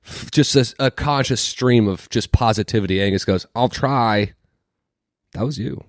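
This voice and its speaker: A man co-hosting a podcast in an apartment, cracking jokes in a deadpan manner. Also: mid-range voice, brisk, no room sound, studio quality. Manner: deadpan joking. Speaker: podcast co-host. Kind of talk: casual chat.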